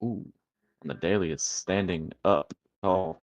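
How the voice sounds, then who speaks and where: Deep-voiced man hyped over charts. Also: unhurried. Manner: excited, profane chart commentary. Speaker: livestream host trading. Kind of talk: casual livestream chat.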